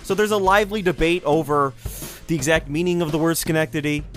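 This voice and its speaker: A man's voice: a little high, steady tone, quick pace, fairly bright tone, soft background music. A man hosting a history show, telling the story in a loose, conversational way with speculative asides. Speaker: history podcast host. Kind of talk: casual history lecture.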